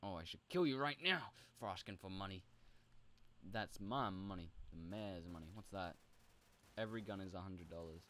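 A young man with a low voice chats casually through a game session. He is playful and rambling, and often jumps into high, goofy squeaks. The delivery stays loose and conversational. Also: moderate pace, bright, forceful tone, slight background noise. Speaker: gaming video host. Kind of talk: casual role-play commentary.

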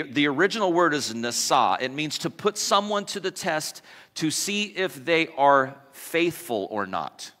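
A man's voice: fairly high pitch, sharp tone. A male pastor preaching a sermon in a casual, conversational way, asking the congregation questions and adding light asides. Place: church sanctuary. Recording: long church reverb.

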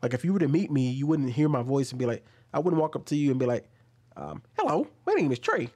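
A man's voice: mid-range voice, fast talker, warm tone. A man in the middle of his range talks back at clips he's reacting to. His tone is argumentative, and it climbs into heated, emphatic ranting as he presses his case. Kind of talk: reaction video commentary.

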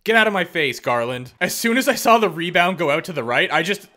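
Male let's-play commentator, bright and sharp tone, jokey play-by-play with sudden outbursts. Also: high voice, big pitch swings, fairly quick. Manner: talks to himself and the game, teasing opponents. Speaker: gaming YouTuber.

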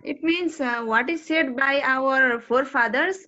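A woman student speaks in Nepali-accented English, pausing often as she puts a question to her teacher. Her voice sits a little high, and the recording sounds dull and muffled. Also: sharp tone. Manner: hesitant, addresses teacher as sir. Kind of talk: classroom question.

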